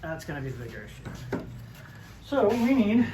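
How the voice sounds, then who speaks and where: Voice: medium pitch, very animated, moderate pace. A DIY host chatting casually and joking while building in a workshop, thinking aloud as they go. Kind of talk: casual workshop how-to chat. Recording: noisy workshop recording.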